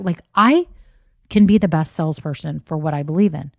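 A woman's voice: sits low, brisk, creaky, a little mellow, no echo, clean studio sound. A woman hosting a casual solo podcast as a business coach, chatty and encouraging. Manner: chatty, encouraging, says "y'all" and "okay?" often.

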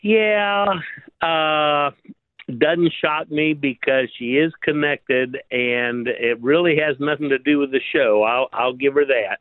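A man's voice: on the high side, slow pace, dry recording. A man calling in to a radio show by phone, teasing and laughing as he chats. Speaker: caller. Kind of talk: joking call-in chat. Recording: phone line.

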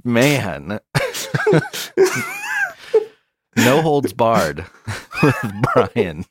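A man co-hosting a comedy podcast, teasing and deadpan, breaking into laughter. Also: on the low side, unhurried, background noise. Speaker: podcast co-host. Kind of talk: casual comedy chat.

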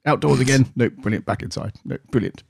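A man's voice: mid-range voice, fairly quick, gravelly, breathy edge, no room sound, studio quality, pitched above the performer's own voice. A man putting on a flip-flopping male politician, flipping back and forth in a mocking sing-song.

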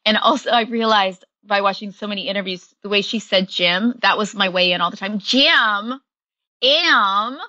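A woman with a bright, clear voice talks casually as an interview guest, filling her sentences with little fillers and easy laughter. The sound is close and dry, with no room around her. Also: mid-range voice, fairly even intonation, fairly quick, few pauses, no room sound, dull audio. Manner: chatty, many fillers, laughs often. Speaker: actress guest.

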